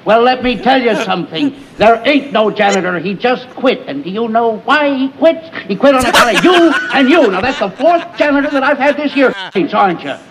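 A man's voice: extremely high pitch, lively intonation, a little fast, few pauses, heavy background noise. An actor playing an irritable older landlord ranting indignantly at his tenants in a 1950s TV sitcom. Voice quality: blustering, indignant rant. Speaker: sitcom character.

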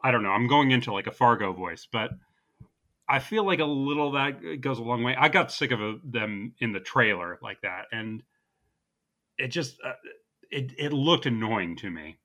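A man co-hosting a casual movie review podcast, talking in a relaxed, rambling way. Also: medium pitch, moderate pace. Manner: relaxed, rambling, laughs easily. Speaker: podcast co-host.

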